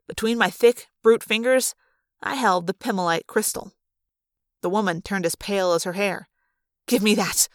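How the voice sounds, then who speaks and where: Expressive woman reading a story aloud. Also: mid-range voice, normal speed, no echo, studio quality. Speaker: audiobook reader. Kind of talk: fan audiobook narration.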